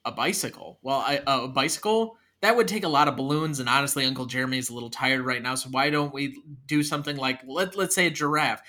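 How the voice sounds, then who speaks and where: Give me a brash, excitable wedding crasher who rambles, as a man puts him on, bright and punchy. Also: medium pitch, fast talker, hardly any pauses, natural voice. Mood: weary. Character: brash fast-talking male wedding crasher, unhinged.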